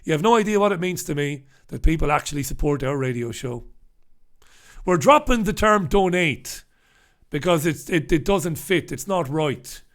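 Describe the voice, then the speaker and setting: A man's voice: on the high side, lively intonation, normal speed, a bit bright. Wry, cursing male newspaper reviewer. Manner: wry, casual, swears freely. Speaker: host. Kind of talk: humorous newspaper review on a live stream.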